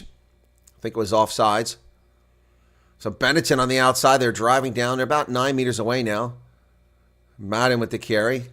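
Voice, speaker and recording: Man, live rugby play-by-play, mid-pitched voice, excitable, home desk mic. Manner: excitable, bursts loud and high on big plays. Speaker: live reaction rugby commentator. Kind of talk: play-by-play sports commentary.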